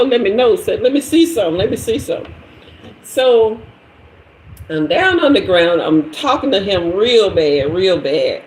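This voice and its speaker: A woman hosting a live stream, telling a story in loose, slangy talk. Her pitch rises and falls widely, and laughter keeps breaking into the telling. The room around her is echoey, with faint noise underneath. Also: big pitch swings, unhurried, a little mellow. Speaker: tarot live stream host. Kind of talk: casual storytelling to a live audience.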